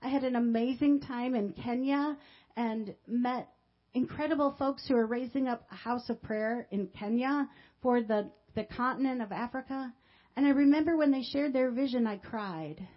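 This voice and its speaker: A woman pastor telling a personal testimony in a sermon, with emotional storytelling that swings from quiet to loud. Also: fairly high pitch, normal speed, highs cut off.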